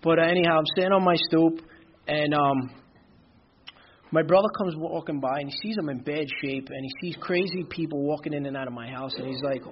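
A man's voice: fairly high pitch, fairly quick, dull audio, slight background noise. A man, from Brooklyn, telling a candid personal recovery story in a conversational way, with many fillers. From Brooklyn, New York. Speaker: recovery speaker. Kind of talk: personal testimony talk.

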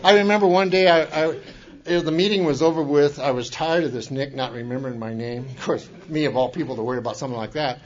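Man telling his story, self-mocking, restarts a lot, higher voice, lo-fi. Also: fast. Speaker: recovery meeting speaker. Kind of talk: personal testimony talk.

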